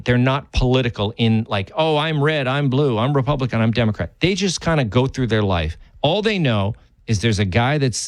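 A mid-pitched man chats about politics with a loose, rambling delivery. His voice leaps upward whenever he presses a point. The sound is close and dry, with no room around it. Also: no room sound. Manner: animated, rambling, pitch jumps up when emphatic. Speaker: co-host. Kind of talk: casual political chat.

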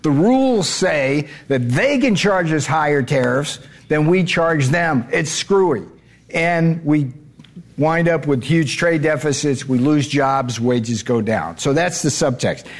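A man's voice: a little high, expressive, slow pace. A man answering interview questions as a trade adviser, blunt and emphatic, often repeating words as he restarts.

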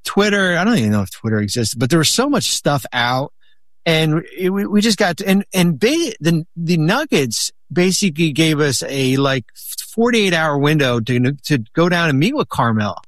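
A man telling long stories in a casual chat, rambling with many restarts and lively quoted lines. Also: a little high, moderate pace, dry recording. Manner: rambling, many restarts, animated when quoting. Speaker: guest, former basketball executive.

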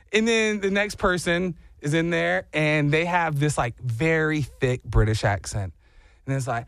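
A young man with a high voice tells a long, rambling story with a self-mocking streak. He drifts into goofy put-on accents mid-story. The sound is close and dry, with no room around it. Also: a little slow, vocal fry, fairly bright tone, smooth, no echo. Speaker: podcast co-host telling a story. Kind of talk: casual storytelling.

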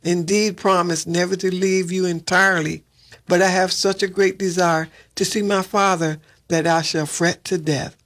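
A man's voice: high voice, level tone, moderate pace, a bit bright. A man voicing a kind, honest young woman in a storybook read-aloud, reading earnestly.

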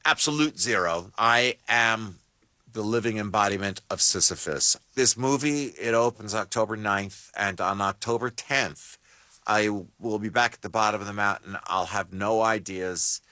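A man's voice: on the low side, moderate pace, bright, forceful tone, no echo. A screenwriter in his sixties being interviewed on radio, telling stories in a wry, storytelling way. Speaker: screenwriter guest.

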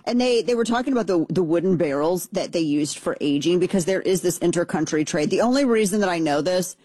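A middle-aged woman talks through the week's politics in a loose, opinionated way, circling back and correcting herself as she goes. Her voice is low-pitched and mellow, and the recording is dry and close. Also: animated, quick pace, dry recording. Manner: chatty, opinionated, with many restarts and asides. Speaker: political commentary host. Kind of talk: casual political commentary.

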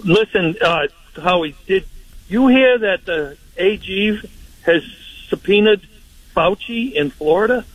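A man's voice: high-pitched, expressive, slow, dry recording. A man calling in to a radio talk show, chatting casually and joking with the host over a phone line. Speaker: caller. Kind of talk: phone-in call.

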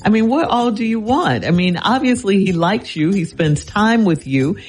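Animated man giving radio advice. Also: high voice, moderate pace, low-quality recording. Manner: incredulous, teasing, animated. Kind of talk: reading a letter and giving advice.

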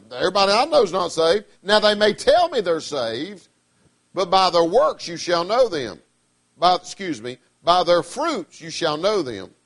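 A middle-aged man, preaching a sermon with emphatic, swinging delivery, loud declarations dropping to quiet asides. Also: a little high, dry recording.

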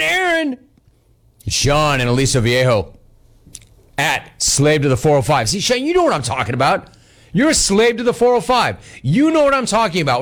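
Middle-aged guy hosting talk radio, ranting about his beefs, swinging pitch all over. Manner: animated, exasperated storytelling. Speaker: radio show host. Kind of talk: casual talk radio rant.

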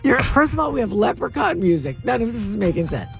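A woman's voice: medium pitch, big pitch swings, quick pace, faint music behind. A woman co-hosting a radio show, giggly and playful in joking banter. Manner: giggly, playful, plays at a flight attendant.

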